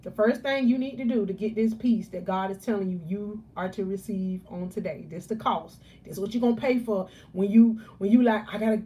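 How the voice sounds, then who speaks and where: A woman life coach giving a live motivational talk, preachy and emphatic, repeating key phrases and stressing words slowly. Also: medium pitch, warm tone.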